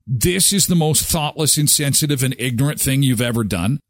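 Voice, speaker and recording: A man's voice: mid-range voice, expressive, moderate pace, dry recording, studio quality. A man hosting a daily morning show, ranting and sarcastic as he reacts to news items. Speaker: host. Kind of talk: opinionated morning-show talk.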